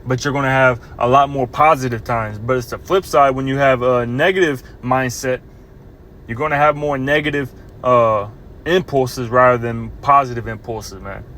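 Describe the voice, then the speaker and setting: A man casually teaching scripture, earnest and halting, reading verses slowly and with emphasis. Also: mid-range voice, fairly even intonation, fairly bright tone, slight background noise. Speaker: bible teacher.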